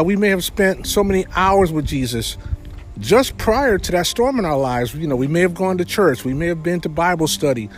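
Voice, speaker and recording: A man preaching a sermon in a conversational way, retelling a Bible story with frequent fillers. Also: a little high.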